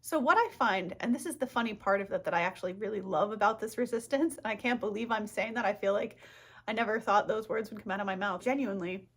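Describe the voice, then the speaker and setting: A woman artist talking casually to camera in a reflective vlog, chatty and animated with frequent laughs and quoted asides. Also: medium pitch, fast talker. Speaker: artist vlogger.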